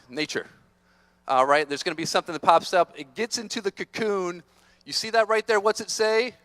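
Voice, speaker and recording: Playful, energetic male motivational speaker. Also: high voice. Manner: energetic, playful, teases the audience. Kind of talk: motivational talk to students. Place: large conference hall.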